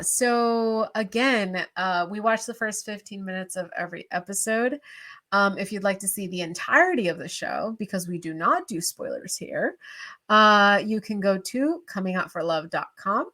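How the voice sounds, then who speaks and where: A woman's voice: mid-range voice, sharp tone. A young adult woman hosting a reaction show, chatting casually to camera in a bubbly, openly emotional way.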